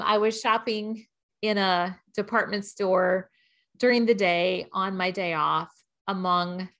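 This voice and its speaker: An early-fifties woman co-hosts a podcast in a frank, thoughtful way. Her voice sits at a middle pitch. She often restarts her sentences as she works through what she wants to say. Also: fairly bright tone. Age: 50s. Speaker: podcast co-host. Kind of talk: casual podcast chat.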